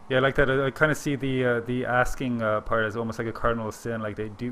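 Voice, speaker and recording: A man hosting an interview podcast, asking loose, quick questions with many fillers. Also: medium pitch, flat delivery, a bit bright, slight background noise. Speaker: podcast host. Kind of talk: casual interview talk.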